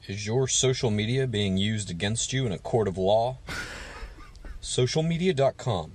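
A man doing a deadpan parody of a commercial announcer in a played-back clip. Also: on the low side, noisy background. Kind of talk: mock commercial read.

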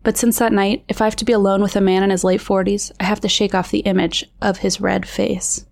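A woman's voice: mid-range voice, level tone, fairly quick, gravelly, darkish tone. Woman narrating a true story. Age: 30s. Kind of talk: reading a first-person true story.

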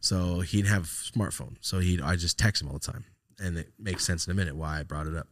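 A man's voice: deep voice, brisk. A man hosting a podcast, telling a rambling personal story in casual, profane talk and acting out the texts he quotes. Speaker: podcast host.

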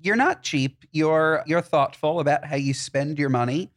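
A co-host telling stories in a casual chat, lively and worked up at times. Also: moderate pace. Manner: lively storyteller, swings up in pitch when worked up. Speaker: podcast co-host.

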